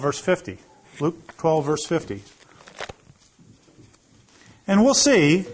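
A man's voice: a little high, breathy edge. A man preaching a sermon as pastor, reading scripture aloud in a conversational way and calling on listeners by name.

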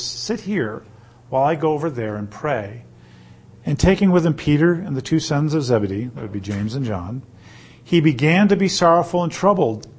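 A man reading scripture aloud and teaching on it, pausing to ask his listeners rhetorical questions. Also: fairly high pitch, a little mellow, husky. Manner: reads slowly, then explains with rhetorical questions. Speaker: Bible teacher.

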